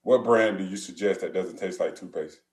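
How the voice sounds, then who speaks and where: A man's voice: low voice, fairly quick, darkish tone. A man, a former football player, speaking as a guest in a casual podcast interview in a laid-back way.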